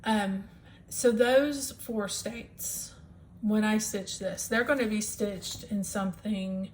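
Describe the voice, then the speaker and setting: A woman's voice: mid-range voice, a little hiss or hum. A woman chatting enthusiastically at home about her stitching projects, with lots of ums. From US Midwest. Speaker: cross-stitch vlogger. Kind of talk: casual show-and-tell chat.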